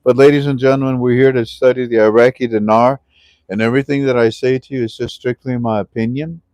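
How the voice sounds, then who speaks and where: Man, livestream host, jokey and chatty, middle pitch, dry close sound. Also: fairly even intonation, quick pace, dry recording. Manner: chatty, jokey, addresses listeners as ladies and gentlemen. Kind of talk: casual livestream talk with prayer. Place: on the west side of Oahu with friends.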